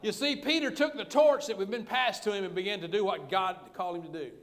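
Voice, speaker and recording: A man's voice: high-pitched, quick pace. A man pastor, preaching a sermon in a folksy, conversational way with humor.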